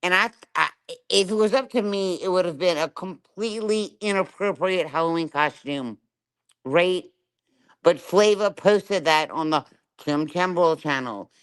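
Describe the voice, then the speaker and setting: Middle-aged woman streamer, clear voice, furious and foul-mouthed, hammers every point with "right?". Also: fairly low pitch, unhurried. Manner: profane, confrontational, keeps asking "right?". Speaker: livestreamer. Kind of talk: angry live-stream rant.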